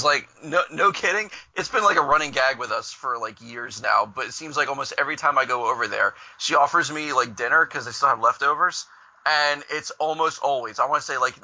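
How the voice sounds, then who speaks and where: A man's voice: mid-range voice, sharp tone, highs cut off. A man co-hosting a podcast in casual chat, dropping wry, sarcastic asides. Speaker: podcast co-host.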